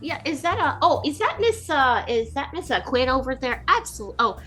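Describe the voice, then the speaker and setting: A woman's voice: high voice, big pitch swings, moderate pace, sharp tone, soft background music, full character voice. Chirpy fussy HR lady, as a woman puts her on. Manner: overly friendly, hesitant, lots of ums.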